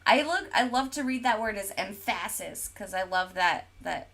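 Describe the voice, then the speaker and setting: A woman's voice: medium pitch, lively intonation, normal speed, a bit bright. A woman co-hosting a casual gaming podcast, chatting and reading viewer comments aloud with lots of fillers. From Oklahoma, USA. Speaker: podcast co-host. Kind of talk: casual chat while streaming.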